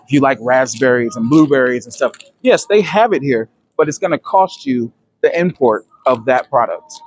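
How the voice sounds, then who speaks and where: An American travel vlogger walks through an indoor supermarket, chatting casually and explaining prices to his viewers. His mid-range voice is animated and moderately paced.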